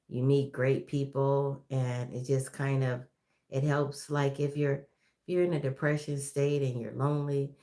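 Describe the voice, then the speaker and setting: A retired woman in her sixties hosting a casual livestream, chatting with many ums and fillers. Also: rumbling low. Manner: chatty, greets viewers by name, many ums. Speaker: YouTube livestream host.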